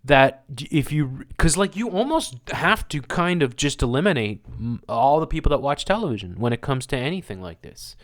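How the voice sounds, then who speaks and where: A man's voice: mid-range voice, sing-song, normal speed, hardly any pauses, a bit bright. A man hosting his own channel, reading news items and ranting over them in a sarcastic, rambling way, laughing often. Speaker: host.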